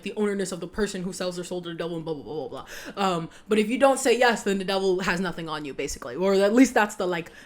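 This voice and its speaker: Young woman, vlogger, loose rambling chat, giggly, leans on "like", mid-pitched voice. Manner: rambling, giggly, heavy use of "like". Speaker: vlogger reacting to a film. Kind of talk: casual chat.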